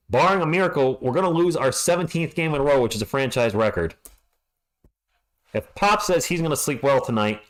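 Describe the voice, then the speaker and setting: A man's voice: a little high, a bit bright. A man hosting a fan livestream, calling play-by-play and ranting in frustration, often stammering when upset.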